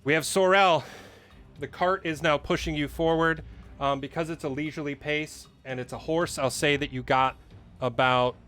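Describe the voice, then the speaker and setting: A man's voice: on the high side, steady tone, moderate pace, a bit bright, clear, resonant tone, soft background music. A man running a tabletop game as dungeon master, patiently explaining the rules with lots of fillers.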